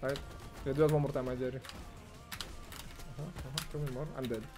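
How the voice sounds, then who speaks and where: A young man commentating on his own gameplay, excitable and foul-mouthed, swinging from muttering to yelling and ranting. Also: medium pitch, fairly quick, music in the background. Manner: excitable, swears, rants, swings from mumbling to yelling. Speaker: gamer streamer.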